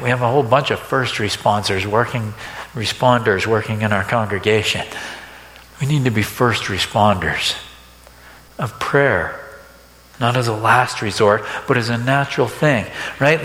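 A man's voice: mid-range voice, a bit bright. A man preaching a sermon, talking to the congregation in a conversational way and often checking in with rhetorical questions. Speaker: pastor. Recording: echoey hall reverb.

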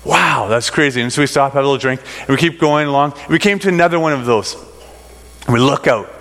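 A man's voice: medium pitch, fast, a bit bright. A middle-aged man telling a rambling personal story to a congregation, full of fillers and restarts. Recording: long reverb of a large hall.

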